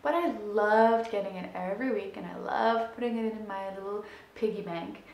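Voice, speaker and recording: A money mindset coach in her thirties tells a personal story at a moderate pace, animated and laughing, her voice climbing high and loud at the exciting parts. The recording has a roomy echo and its highs are cut off.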